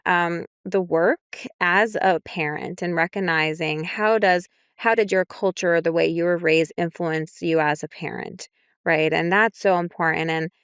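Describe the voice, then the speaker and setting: Smooth-voiced young woman, reflective podcast chat. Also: on the low side, fairly bright tone, no echo, clean studio sound. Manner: reflective, many fillers like "right?" and "you know". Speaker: clinician on a parenting podcast. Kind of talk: casual podcast discussion.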